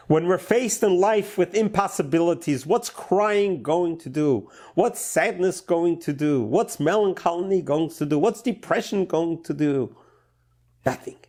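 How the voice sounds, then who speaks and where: A rabbi preaching a short sermon, telling a story and drawing a lesson from it in an unhurried storytelling way. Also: male voice, on the high side, a little mellow. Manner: unhurried storyteller, slow deliberate delivery.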